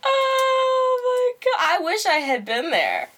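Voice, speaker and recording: Bright, lively woman hosting a podcast. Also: very high-pitched, takes it slowly. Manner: loud, profane, bursts into shrieking laughter. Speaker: podcast host. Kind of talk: casual chat.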